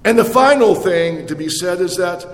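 A man's voice: high-pitched, lively intonation. A man, a priest, preaching a sermon in a church, often restarting his words but telling stories with dramatic swings. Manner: halting restarts with dramatic storytelling. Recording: echoey church hall reverb.

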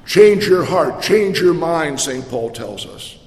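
A man's voice: a little high, animated, a little mellow. A man, a priest, preaching a sermon in a church, often restarting his words but telling stories with dramatic swings. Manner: halting restarts with dramatic storytelling. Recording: echoey church hall reverb.

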